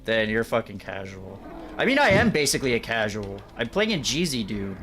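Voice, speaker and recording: A man's voice: on the low side, sing-song, fairly quick, over music. A man chatting casually with guests while playing a shooter on stream, swearing freely as he goes.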